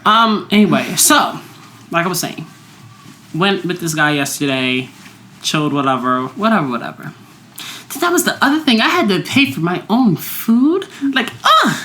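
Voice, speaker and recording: Young woman podcast co-host, lively storyteller, lilting pitch, faint hiss in the room. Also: normal speed. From United States. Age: young adult. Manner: animated storytelling, swings into high voices when quoting herself. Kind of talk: casual chat. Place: indoor room at home.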